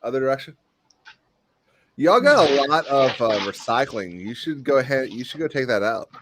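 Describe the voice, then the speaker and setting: A man of ordinary pitch hosts a laid-back online hangout, chatting in a loose, rambling way full of fillers. His voice sits at a middle pitch, and steady noise runs under the recording. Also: normal speed. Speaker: stream host. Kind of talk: casual chat.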